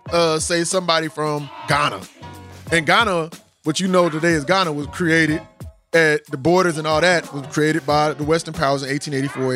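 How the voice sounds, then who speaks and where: This is a Texan man with a Southern drawl and a notably high voice. He rambles through his points with emphasis and plenty of slang. Soft music plays faintly underneath. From Austin, Texas. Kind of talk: casual discussion.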